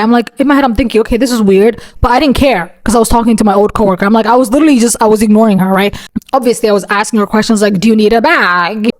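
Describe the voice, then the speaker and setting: Young woman vlogger, slightly high voice, chatty storytelling full of fillers, swears casually. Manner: chatty, animated, filler-heavy, swears freely.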